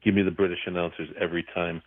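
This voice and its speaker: Deep-voiced male caller on a tinny phone. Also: little pitch movement, racing, no echo. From Philadelphia area. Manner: emphatic, repetitive ranting. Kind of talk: ranting call-in.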